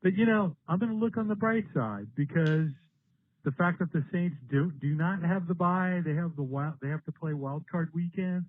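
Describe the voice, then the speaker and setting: A man's voice: fairly high pitch, moderate pace. A man talking casually and upbeat about his team's playoff chances. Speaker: podcast co-host. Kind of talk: casual chat. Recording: tinny phone-like line.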